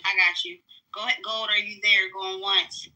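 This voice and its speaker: A woman's voice: mid-range voice, fairly even intonation, sharp tone, low-quality recording. A woman moderating a live audio-room discussion, firmly keeping order and running the speaking queue. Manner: firm, hurried, keeps order.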